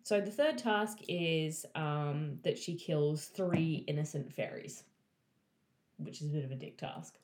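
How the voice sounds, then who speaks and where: Chatty low-voiced woman in an echoey room. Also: unhurried, darkish tone. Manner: chatty, swears freely, acts out characters' lines. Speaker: friend retelling a book. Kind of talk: casual chat.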